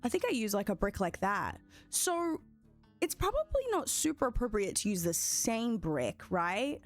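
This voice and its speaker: A young woman chatting excitedly with her viewers while streaming a building game. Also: on the high side, moderate pace, soft background music. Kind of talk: casual live-stream commentary.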